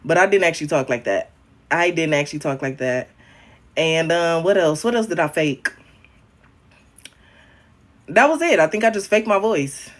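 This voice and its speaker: A young man chatting casually on a livestream, frank and profane, calling viewers honey and babe, his voice jumping up and down in pitch and loudness. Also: normal speed, long pauses. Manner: talks directly to viewers, calling them honey, babe and queen. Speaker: livestreaming social media creator.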